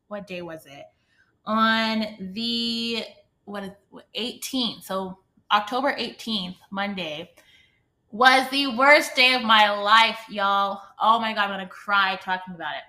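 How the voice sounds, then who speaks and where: A woman's voice: medium pitch, sharp tone. A young woman hosting a podcast, telling a personal story in a rambling, emotional way with many asides. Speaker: podcast host.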